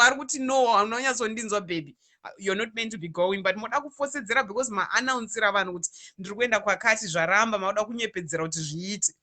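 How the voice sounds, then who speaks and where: A woman with a Zimbabwean accent talks straight to her viewers in a bright, ringing voice. She is lively and animated, moving back and forth between Shona and English. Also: fairly high pitch. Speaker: online radio DJ and ministry speaker. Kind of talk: casual talk to viewers.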